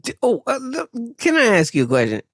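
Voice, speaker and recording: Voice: mid-range voice, wildly swooping pitch, fairly quick, a bit bright, no echo, studio quality. A podcast co-host reacting in a casual chat and asking practical questions.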